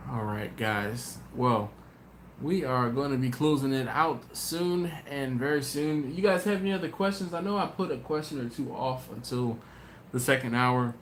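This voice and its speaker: A tired man hosting a casual livestream, telling stories in a lively way and doing voices for his friends. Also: medium pitch, normal speed. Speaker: BBQ channel host. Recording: echoey room with faint noise.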